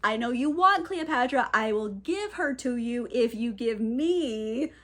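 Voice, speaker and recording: A woman's voice: a little high, lively intonation, measured pace, fairly bright tone. A woman voicing a scheming middle-aged man who craves immortality, talking in a pushy, bargaining way.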